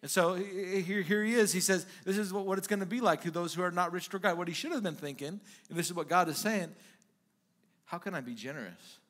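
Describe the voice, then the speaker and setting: A male pastor preaching a conversational sermon, dropping in frequent "okay?" asides and animated retellings of scripture. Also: sits high, fast talker, few pauses.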